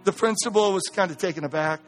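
A man's voice: high voice, fast, soft background music. A man preaching a sermon as pastor, impassioned, often repeating words as he presses his point.

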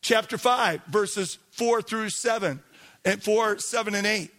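High-voiced, animated male preacher. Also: a little slow. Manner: animated, calls for congregation responses. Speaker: pastor. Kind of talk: sermon.

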